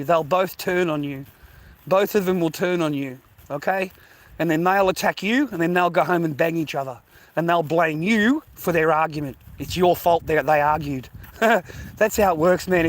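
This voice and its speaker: A man with a high-pitched voice, from the United States, tells his viewers a story while out walking. He rambles, swears freely and repeats his own phrases, now and then dropping to a hushed aside. It sounds like it is caught on a handheld phone outdoors. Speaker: vlogger.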